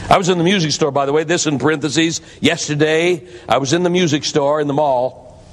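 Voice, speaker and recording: A man's voice: brisk, a little hiss or hum. A man preaching a sermon, telling a story in a dramatic, emphatic way. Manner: dramatic, emphatic, shifts pitch for effect. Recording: long hall reverb.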